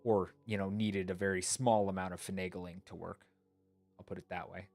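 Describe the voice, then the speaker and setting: A man's voice: low voice, level tone, normal speed, creaky, a little mellow, no room sound, soft background music. A man streamer chatting casually and rambling, thinking aloud with fillers, sleepy. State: yawning, sleepy. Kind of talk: casual chat.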